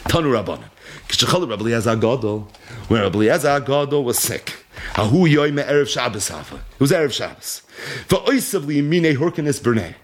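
A man teaching a Talmud lecture. He reads Aramaic text aloud, then translates it and tells the story with animated energy. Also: mid-range voice, brisk. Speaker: Torah teacher.

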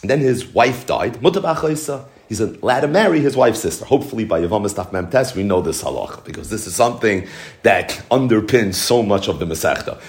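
A man's voice: lowish voice, expressive, fairly quick. A man teaching a Talmud lesson in a lilt, explaining step by step and posing rhetorical questions. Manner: explanatory, rhetorical questions, mixes Hebrew and Yiddish terms. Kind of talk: Talmud study lecture.

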